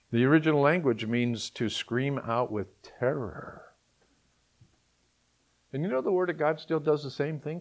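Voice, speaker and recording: A man delivers a sermon in a middling voice. He preaches emphatically and keeps asking the listeners rhetorical questions. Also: medium pitch. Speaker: pastor.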